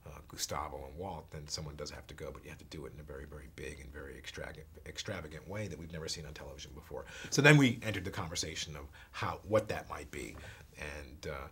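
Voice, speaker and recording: A man, an actor, telling a story in an interview, halting and repeating words, sometimes dropping to a hush. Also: a bass voice, slight background noise.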